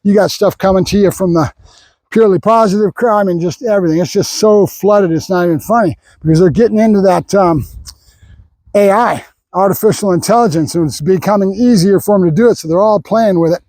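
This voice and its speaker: An older man with a high voice talks through a dog training session for his vlog. He is a professional trainer, opinionated and rambling, and often stops mid-thought to praise the dog. The sound is dry and close, with no room echo. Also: a little fast, a little mellow. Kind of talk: training vlog with running commentary.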